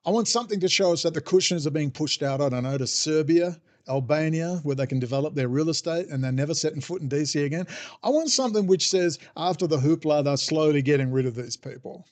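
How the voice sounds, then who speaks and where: A man's voice: fairly high pitch, a little mellow. A man ranting sarcastically in a monologue as podcast host. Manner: irreverent, sarcastic, mocking voices.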